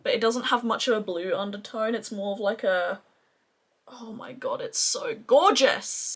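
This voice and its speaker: A chatty Australian woman talks through her favourite eyeshadows in a casual beauty review. She gushes freely, sitting at an ordinary, middling pitch. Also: a bit bright. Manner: gushing, chatty, effusive. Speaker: beauty vlogger.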